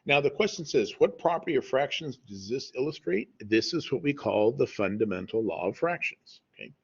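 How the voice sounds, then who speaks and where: A man with a husky, slightly breathy voice walks through math problems in a relaxed, conversational tone, checking in with "okay?" as he goes. The audio is dull and lo-fi, like a home screen recording. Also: mid-range voice, fairly quick. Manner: conversational, says "y'all" and "okay?" often. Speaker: math teacher.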